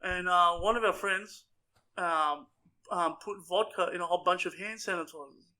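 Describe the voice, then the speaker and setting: On a podcast, a young male co-host trades crude, profanity-heavy stories, laughing often and swearing freely in a rowdy, casual chat. He speaks at normal speed in a high-pitched, pushed and bright voice.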